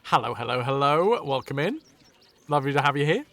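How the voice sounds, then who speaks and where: A man's voice: mid-range voice, very animated, a little fast, creaky, fairly bright tone. A man livestreaming a video game, chatting casually, cracking jokes and thanking his viewers. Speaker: streamer. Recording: faint game music behind.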